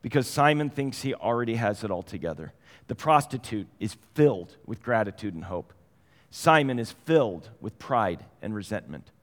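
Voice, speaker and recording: A middle-aged man preaching a sermon, telling stories conversationally and moving between quiet and animated passages. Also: lowish voice, normal speed. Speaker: pastor. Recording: long hall reverb.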